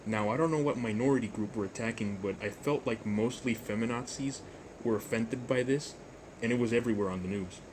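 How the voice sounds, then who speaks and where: A young man hosting a storytime vlog, rambling and jokey, with deadpan asides. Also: mid-range voice, fairly quick, background noise. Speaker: YouTuber storyteller.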